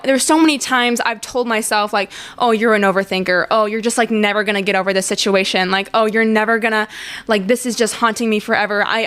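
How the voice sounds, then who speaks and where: A young woman hosts her podcast in a loose, confessional chat. Her voice sits a little high, and she rambles on with plenty of fillers, restarts and breaks into laughter. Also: a bit bright. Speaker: podcast host.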